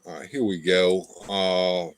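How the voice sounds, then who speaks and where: A man hosting a casual livestream chat, talking haltingly with repeated words and fillers. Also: low voice, level tone, clear, resonant tone. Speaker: show host.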